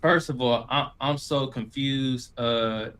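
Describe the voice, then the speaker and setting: Bright, slangy male panelist. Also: mid-range voice, slow, smooth. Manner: slangy, laid-back, profane. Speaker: debate panelist. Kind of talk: casual street-slang debate talk.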